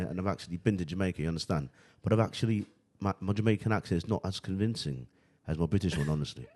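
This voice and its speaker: Man, young adult, podcast host, very low voice, quick, rambling, casual swearing. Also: darkish tone. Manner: rambling, swears, keeps saying "you know what I mean".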